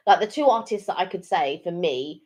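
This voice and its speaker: A middle-aged woman co-hosts a live chat stream, telling rambling stories full of ums and restarts in casual conversation. Her voice is fairly low and a little mellow, and she speaks in an animated, fairly quick way.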